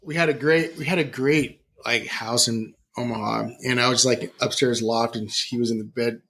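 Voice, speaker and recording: A man's voice: medium pitch, steady tone, normal speed, a bit bright. A man guesting on a podcast, telling rambling stories in casual chat, laughing as he goes. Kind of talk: casual storytelling.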